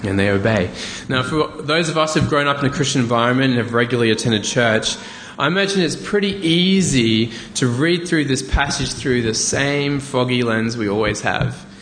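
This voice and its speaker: A man's voice: mid-range voice, moderate pace, hardly any pauses, slight background noise. Man preaching in an echoey hall. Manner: conversational, animated preaching with asides. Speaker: pastor. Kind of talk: sermon. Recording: echoey hall, faint ambience.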